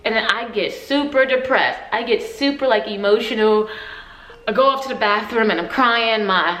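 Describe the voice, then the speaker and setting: A woman in her twenties telling a story for her vlog, animated and emotional, often laughing. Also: fairly high pitch, normal speed, echoey room, rough recording. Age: 20s.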